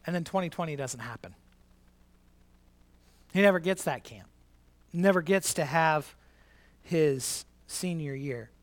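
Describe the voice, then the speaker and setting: A man preaching a sermon, animated and conversational, repeating his key line to the congregation. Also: a little high, measured pace, long pauses. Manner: conversational, many restarts and asides. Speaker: pastor.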